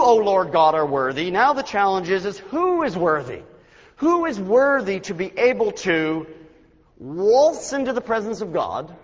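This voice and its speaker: High-voiced preacher in an echoing hall. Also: male voice. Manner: dramatic rises and hushed drops in delivery. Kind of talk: sermon. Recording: dull lo-fi recording with long hall reverb.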